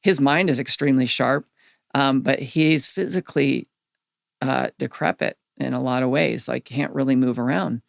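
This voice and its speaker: A middle-aged man, a guest on a podcast, candidly telling personal stories in an earnest, animated way. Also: mid-range voice, moderate pace, vocal fry, no echo, clean studio sound. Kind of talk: reflective storytelling in a podcast interview.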